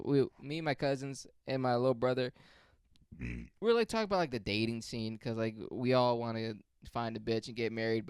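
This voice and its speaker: A man's voice: medium pitch, clean tone, no echo. A young man in a casual solo monologue who rambles and swears freely, mocking himself as he goes. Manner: profane, rambling, self-mocking. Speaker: podcast host.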